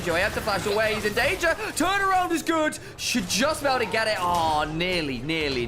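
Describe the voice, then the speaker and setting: Lively, jokey male esports caster. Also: on the high side. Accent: English. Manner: jokey, rambling asides between quick calls. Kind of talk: play-by-play esports commentary. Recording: music bed under the voice.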